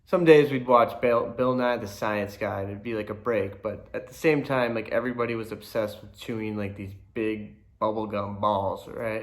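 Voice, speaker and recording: A man's voice: on the low side, fairly even intonation, normal speed. Chill young guy rambling through old school stories, lots of likes and ums. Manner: laid-back, rambling, many fillers. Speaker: storyteller. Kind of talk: casual storytelling to camera.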